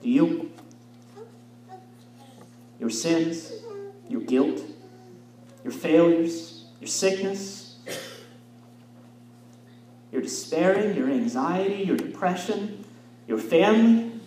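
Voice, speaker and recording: A man's voice: a little high, animated, slow pace, pauses often, dark tone, slight background noise. A male pastor preaching a sermon with emphasis, asking his congregation rhetorical questions, in a church sanctuary. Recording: echoey, from far off, faint room ambience.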